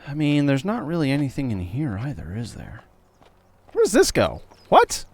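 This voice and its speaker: Excitable young man streaming a game. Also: mid-range voice, moderate pace. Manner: excitable, swings from loud yelps to muttering. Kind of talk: let's play commentary.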